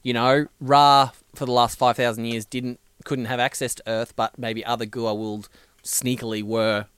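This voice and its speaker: A man's voice: mid-range voice, flat delivery, unhurried, fairly bright tone, clear, resonant tone, no room sound. A man co-hosting a casual podcast, rambling and joking. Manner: jokey, puts on mock foreign accents. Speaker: podcast co-host. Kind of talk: casual chat about a sci-fi show.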